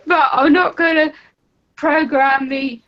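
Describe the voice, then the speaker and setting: A British woman calls in to a live talk show for a casual chat, rambling with plenty of fillers and asides. Her high voice is slow and fairly even in intonation, and the sound is lo-fi.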